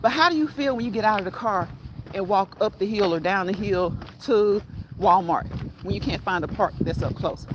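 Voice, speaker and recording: A woman's voice: medium pitch, normal speed. Lady chatting to her live chat while she walks outside, talks on her phone, lots of noise around her. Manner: chatty, reads and answers live chat, laughs often. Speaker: fitness livestream host. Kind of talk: casual walk-and-talk livestream. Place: outdoors on a walk. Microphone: phone held while walking. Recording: outdoor phone audio with loud background noise.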